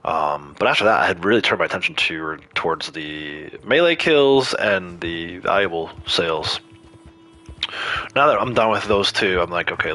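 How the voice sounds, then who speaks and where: Bright-voiced man chatting over gameplay. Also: low-pitched. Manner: chatty, talks to viewers while playing. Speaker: livestreamer. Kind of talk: casual gameplay commentary.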